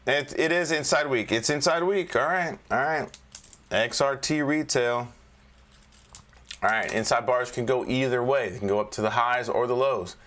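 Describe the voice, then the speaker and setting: Male trading coach, mid-pitched, chatty and joking, casual screen-share market review. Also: normal speed, a bit bright. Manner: chatty and joking, keeps checking in with "all right?".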